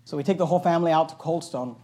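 Loud, high-voiced middle-aged male pastor. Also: racing. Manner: loud, emphatic delivery; conversational storytelling with asides. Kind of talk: sermon with personal anecdote.

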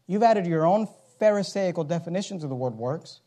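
A man preaching a sermon, reading scripture aloud and swinging from quiet asides to loud, slowed-down emphasis. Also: high-pitched, expressive. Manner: reads King James scripture aloud, slowing for emphasis.

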